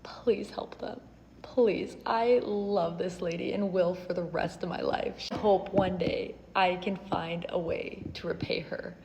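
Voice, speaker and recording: A young woman telling an earnest, emotional story from her own life as a vlogger, with soft laughs now and then. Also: fairly low pitch, little pitch movement, a little slow, gravelly, few pauses. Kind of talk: personal storytelling. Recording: slight hall reverb, faint noise.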